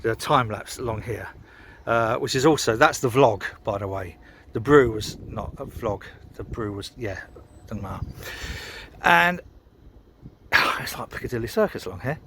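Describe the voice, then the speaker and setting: A man's voice: medium pitch, expressive, moderate pace, a bit bright. Brit guy ranting by a canal, a bit drunk, swears loads, rambly, bit of outdoor noise. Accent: British English. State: tipsy after a beer. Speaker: vlogger. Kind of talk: casual outdoor vlog rant.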